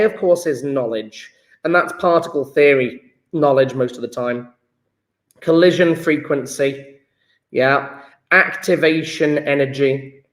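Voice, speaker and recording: A man teaching a live chemistry lesson, speaking slowly with a slightly raised pitch. He restarts and repeats phrases as he works through ideas. The sound is roomy and echoey. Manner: thinks aloud with restarts, drawn-out repetitions.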